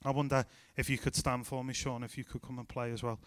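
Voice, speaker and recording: A man with a Scouse accent preaching a lively, emphatic sermon as a pastor. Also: medium pitch, fast talker, dry recording. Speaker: youth pastor.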